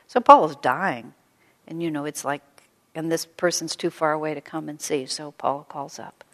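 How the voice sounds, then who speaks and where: A woman spiritual teacher giving a gentle storytelling talk to a live audience, full of soft asides. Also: low-pitched, moderate pace. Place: hall with an audience. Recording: long hall reverb.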